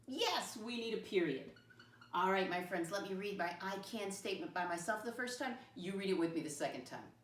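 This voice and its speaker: A woman teacher giving a slow, sing-song math lesson to young children, spelling words out letter by letter. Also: medium pitch, animated, slight background noise. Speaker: first grade teacher. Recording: roomy classroom, mic at a distance.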